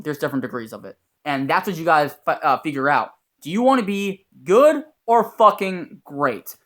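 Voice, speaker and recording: A man's voice: a little high, a bit bright. A young man giving a blunt, profane, earnest motivational talk as a YouTuber. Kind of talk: motivational vlog monologue.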